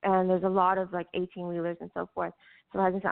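A middle-aged woman tells an emotional personal story, halting and full of fillers and restarts. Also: on the low side, completely flat delivery, creaky, smooth. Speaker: guest recounting a personal story. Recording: tinny phone-line audio.

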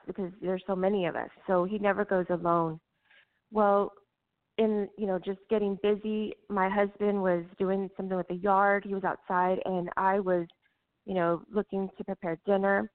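A middle-aged woman with a drawl recounts a personal story in a halting way, circling back with "you know" and restarting her sentences. Her voice sits at an ordinary middle pitch for a woman. It comes through thin and tinny, like a phone line. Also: little pitch movement. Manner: halting, many fillers and restarts.

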